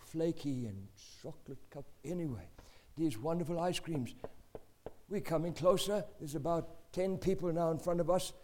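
An older man with a South African accent, telling a family story in a lively, animated way with asides. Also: a little high. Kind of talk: personal anecdote.

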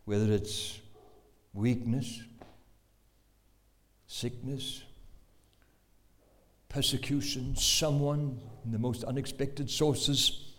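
A man's voice: medium pitch, steady tone, drawn-out words, long pauses, a bit bright. A middle-aged man with a South African accent preaching a sermon, emphatic and given to exclamations as he tells stories.

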